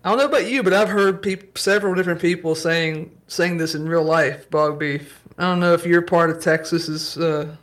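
A man chatting as a podcast guest, telling stories with lively energy and quick laughs. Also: fairly high pitch. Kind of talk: casual chat.

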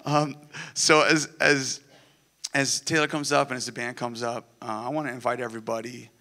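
A pastor preaching to his church, earnest and building to excited peaks. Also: medium pitch, moderate pace. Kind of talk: sermon. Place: church sanctuary.

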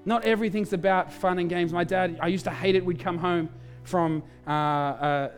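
Male pastor, lively sermon storytelling, faint music underneath. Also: sits high. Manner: animated storytelling, quick asides.

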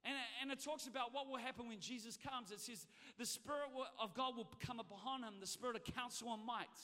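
Man, pastor, sermon, high voice, shouting to chatty storytelling, long hall reverb. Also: brisk. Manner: swings between shouted exhortation and chatty storytelling; humorous, conversational asides to the congregation. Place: church hall.

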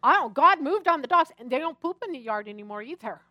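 A woman pastor preaching a sermon, telling personal stories in an animated, chatty and humorous way. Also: high-pitched, fast, no room sound, highs cut off.

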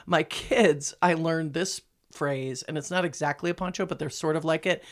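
A woman hosting a casual chat podcast, wry and teasing, keeping things moving with quick affirmations. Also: low voice. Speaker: podcast host.

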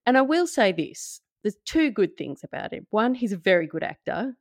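A woman's voice: medium pitch, very animated, normal speed, dry recording. A woman co-hosting a podcast, chatting casually with dry, wry humor and steering the topic. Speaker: podcast co-host. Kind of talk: casual chat.

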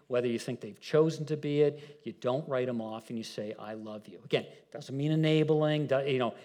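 A middle-aged male pastor giving a conversational sermon, often repeating words and rising in pitch when he makes a point.

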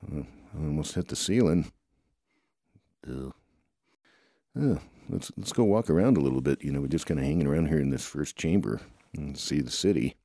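Man, very low mellow voice, dry recording; rambling improvised storyteller, groans and "oh boy" asides. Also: expressive, normal speed, long pauses, no echo. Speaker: storyteller voicing toy characters.

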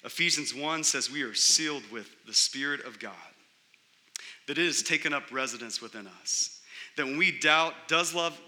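A man pastor preaching a sermon, building his points through emphatic repetition and pauses. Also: on the high side, bright, forceful tone. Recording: long hall reverb.

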